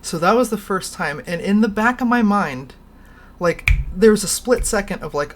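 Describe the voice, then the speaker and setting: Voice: mid-range voice, expressive, moderate pace, noisy background. Rambling, laughing livestream host. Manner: rambling storyteller, laughs often, swears casually. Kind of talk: casual livestream chat.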